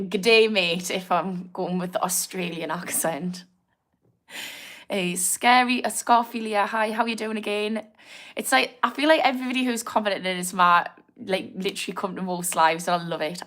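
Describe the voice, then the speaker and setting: A woman with a Newcastle accent, a therapist hosting a casual livestream, chatting warmly and laughing often as she answers her viewers. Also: lowish voice, fairly even intonation, moderate pace. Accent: Newcastle (Geordie). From north of England. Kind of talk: casual livestream chat, reading out viewer comments.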